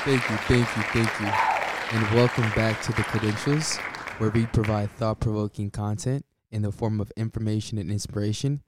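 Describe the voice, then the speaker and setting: A man's voice: fairly low pitch, steady tone, moderate pace, over a noisy crowd, very noisy. A man hosting his own podcast, talking casually and laid-back, often chuckling between points. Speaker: podcast host. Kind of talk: casual solo podcast talk.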